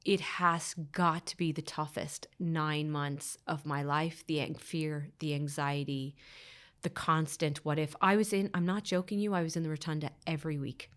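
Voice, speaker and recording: A woman's voice: sits low, fairly even intonation, normal speed, a bit bright. An Irish woman in her thirties, a podcast guest, earnestly telling a personal story and often repeating her phrases.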